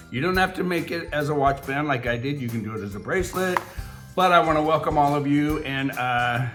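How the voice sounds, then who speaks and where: A man's voice: mid-range voice, a bit bright. A man hosting a casual crafting tutorial vlog from his craft table, rambling and chatty with lots of fillers. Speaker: crafting channel host.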